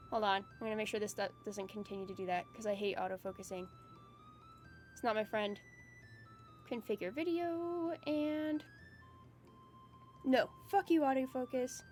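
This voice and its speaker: A woman VTuber streamer chatting casually on a live stream, excitable and emotional, swearing freely as she reads viewer messages. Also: high-pitched, moderate pace, soft background music.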